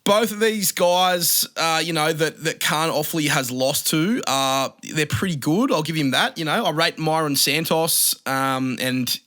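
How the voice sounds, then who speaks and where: A man's voice: fairly high pitch, pushed and bright. A young Australian man hosting a casual fight-prediction show, talking in a blunt, sweary, joking way. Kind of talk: casual solo commentary.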